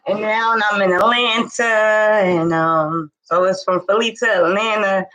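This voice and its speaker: A woman's voice: medium pitch, steady tone, measured pace, bright, forceful tone, low-quality recording. A woman from hosting her own inspirational talk show on a live stream, chatting nervously with lots of fillers and restarts. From Philadelphia. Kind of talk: casual live-stream chat.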